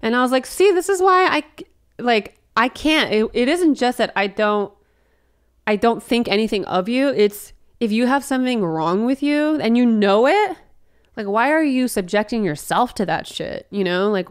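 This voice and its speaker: A woman comedian in casual podcast chat, swearing freely and acting out quotes in high, animated bursts. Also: normal speed, clean tone. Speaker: comedian guest.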